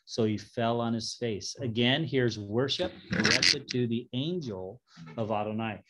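A man's voice: mid-range voice, measured pace, fairly bright tone. A man teaching a Bible study, reading scripture aloud and stopping to joke and explain it in a casual way.

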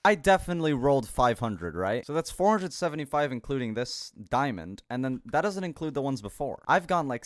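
A young man hosting a gaming video, commentating casually and bursting into loud, excited outbursts between mumbled asides. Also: mid-range voice, clean tone, no room sound, studio quality. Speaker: gaming channel host.

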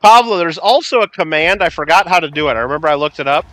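A man's voice: a little high, animated, quick pace, a bit bright, dry recording. A man hosting a game livestream, rambling casually and answering viewers by name. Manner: rambling, chatty, talks to chat by name. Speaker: livestream host. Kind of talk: casual gameplay livestream chat.

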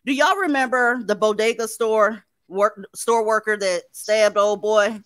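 A woman's voice: mid-range voice, unhurried, a bit bright, no room sound. A woman hosting a livestream, talking bluntly and sardonically to her viewers. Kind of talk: livestream commentary.

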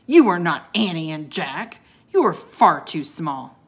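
A woman reading aloud and voicing a gruff, huge bearded wizard who talks in a slow, booming, scornful way. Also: expressive, a bit bright.

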